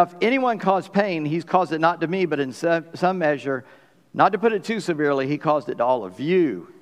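A man preaching a sermon as pastor, in a conversational, folksy way with asides to the congregation. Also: fairly high pitch. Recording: long hall reverb.

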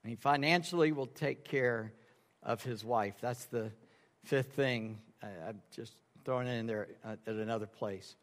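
A man's voice: medium pitch, moderate pace. A man preaching a sermon as pastor, telling folksy stories and acting out the people in them. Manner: folksy storytelling, acts out dialogue in quoted voices. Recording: reverberant sanctuary sound.

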